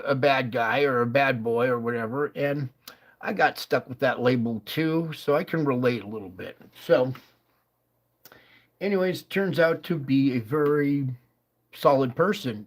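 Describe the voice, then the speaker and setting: Rambling man on a livestream. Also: medium pitch. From Nevada, USA. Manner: halting, lots of fillers and restarts. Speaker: livestream host. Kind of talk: rambling personal storytelling.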